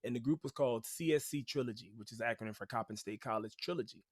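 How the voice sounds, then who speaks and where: A man in a medium register tells stories as a podcast guest. He is animated and chatty, with plenty of "like" and "you know". The sound is dry and close. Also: medium pitch, fast talker, no room sound. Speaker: podcast guest, rapper and teaching artist. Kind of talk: casual storytelling.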